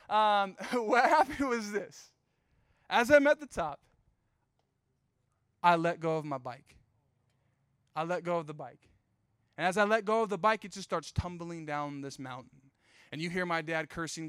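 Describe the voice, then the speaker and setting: A young man preaching to a youth group, telling a personal story in a chatty, animated way with asides to the room. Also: high voice, clear, resonant tone, no echo, clean studio sound. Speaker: youth pastor. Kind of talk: storytelling sermon.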